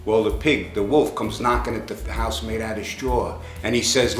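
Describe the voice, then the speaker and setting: A man's voice: fairly low pitch, fairly even intonation, moderate pace, few pauses, echoey room, soft background music. New man telling rambling jokes. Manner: rambling storyteller, acts out characters in raised voice. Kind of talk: joke telling.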